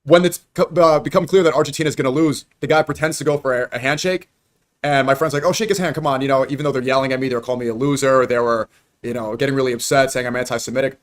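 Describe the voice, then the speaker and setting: A man hosting a live stream, telling a story in a quick, animated, conversational way. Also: mid-range voice. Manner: fast, animated anecdote telling. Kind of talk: casual chat.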